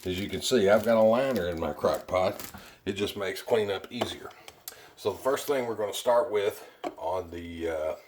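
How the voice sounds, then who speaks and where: A deep-voiced man walks through a home kitchen recipe in a relaxed, chatty way, often pausing on fillers. His voice sits low. A faint hiss runs under the camera mic. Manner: chatty, plainspoken, with frequent fillers. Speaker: cooking video host. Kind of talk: casual cooking demonstration.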